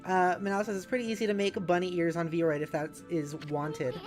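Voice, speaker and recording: Playful woman streamer with a lowish voice. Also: flat delivery, a little fast, over music, poor audio. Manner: playful, giggly, reads chat aloud. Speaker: streamer co-host. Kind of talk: casual game-stream chat.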